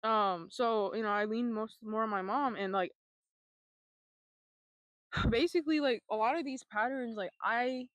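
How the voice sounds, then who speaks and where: A woman's voice: a little high, unhurried, long pauses, a bit bright, dry recording. A young woman vlogging, telling her own life story in a candid, blunt way, with free swearing and sarcastic asides.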